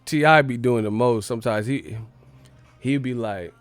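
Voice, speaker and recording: A man's voice: mid-range voice, moderate pace, faint music behind. A man hosting a livestream, ranting in a comic, profane and mocking way. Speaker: livestream host. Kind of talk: comedic livestream rant.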